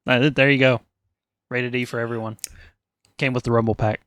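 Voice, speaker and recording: A man's voice: medium pitch, little pitch movement, a little fast, fairly bright tone, dry recording. Male podcast host, foul-mouthed, joking, mid-range voice, dry sound. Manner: profane, wisecracking. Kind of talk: casual podcast chat.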